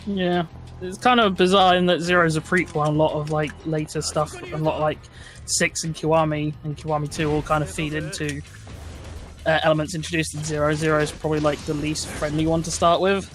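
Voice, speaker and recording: A man's voice: a little high, flat delivery, fairly quick, fairly bright tone, soft background music. A man talking casually with friends during a game session, rambling and laughing often. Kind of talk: casual chat.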